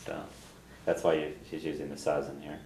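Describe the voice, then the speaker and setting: A man with a very low voice teaches a class in a roomy, echoing room. He explains each phrase patiently, repeats it for his students and laughs easily. A faint hiss sits under the recording. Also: level tone, normal speed, darkish tone. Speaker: language teacher.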